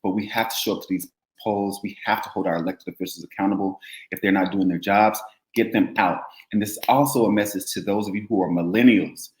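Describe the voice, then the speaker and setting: A man co-hosts a casual news talk show, speaking with fired-up conviction and hammering home repeated phrases. His voice sits on the low side. The sound carries a roomy echo. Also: fairly even intonation, fast talker, a little mellow. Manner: impassioned, preachy, repeats phrases for emphasis. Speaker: co-host. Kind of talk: casual news commentary chat.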